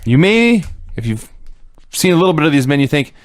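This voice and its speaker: Male podcast co-host, deadpan wit, animated, slightly high voice, dry studio sound. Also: brisk, no echo. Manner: wry, deadpan jokes with frequent chuckles. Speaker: podcast co-host recapping wrestling. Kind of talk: casual podcast chat.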